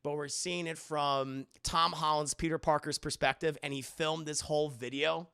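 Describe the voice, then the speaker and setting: A man recapping a film live on stream, animated and enthusiastic, thanking viewers as he goes. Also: a little high, moderate pace, creaky, clean tone, dry recording, studio quality.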